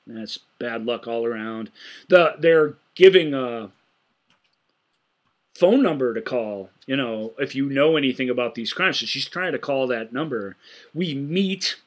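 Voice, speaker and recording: A man's voice: mid-range voice, expressive, measured pace. A man co-hosting a casual film podcast, retelling scenes with enthusiasm and frequent stammered restarts. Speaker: podcast co-host.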